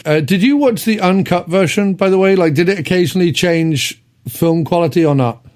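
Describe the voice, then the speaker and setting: A man hosting a podcast, reviewing an old movie in casual chat, rambling with lots of ums and quick laughs. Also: high voice, darkish tone. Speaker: podcast host.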